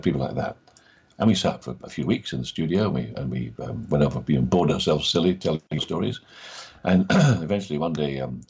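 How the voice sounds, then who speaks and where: A very deep, husky older man with a Scottish accent spins anecdotes for an interviewer, slipping into the voices of people he quotes. The recording is dull and lo-fi. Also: a little mellow. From Scotland. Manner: acts out quoted voices in his stories. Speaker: actor guest.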